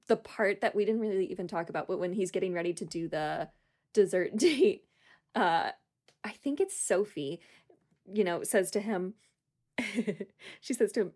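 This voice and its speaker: A woman's voice: mid-range voice, normal speed, pauses often, darkish tone. A young woman co-hosting a podcast, bubbly and rambling, often laughing between thoughts. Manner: bubbly, giggly, rambling with fillers. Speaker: podcast co-host. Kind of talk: casual chat.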